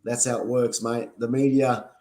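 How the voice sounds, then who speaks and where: A man's voice: medium pitch, steady tone, moderate pace, a loud crowd. An Australian man co-hosting a football podcast, who defends his own view stubbornly. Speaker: podcast co-host.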